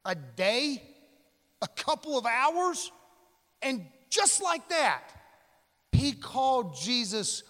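A man with a high voice preaches a sermon in a church. He drives his points home with dramatic pauses and drawn-out key words. The sound trails off in a long hall reverb. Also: sing-song, a bit bright. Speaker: pastor.

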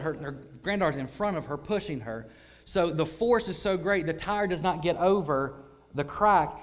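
Animated preacher, slightly high voice. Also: male voice. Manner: animated, swings from hushed to loud. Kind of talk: sermon storytelling.

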